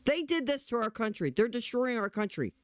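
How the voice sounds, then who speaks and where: Woman doing a pushy older guy, squeaky high, dry close sound. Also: very animated, a little fast, dry recording. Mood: insistent. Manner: finger-jabbing, insistent. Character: impression of an agitated older male politician.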